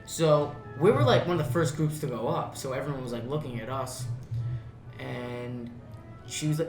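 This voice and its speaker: A young man in casual chat, telling school stories in an animated way and acting out the quotes. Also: mid-range voice, normal speed, echoey room, soft background music, rough recording. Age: young adult. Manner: animated storytelling, acts out quotes. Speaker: co-host.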